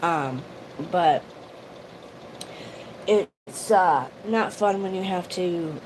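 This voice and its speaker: A woman's voice: fairly low pitch, very slow, a little mellow, slight background noise, rough recording. A woman vlogger chatting casually on a livestream, rambling emotionally and greeting viewers by name. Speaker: YouTube vlogger.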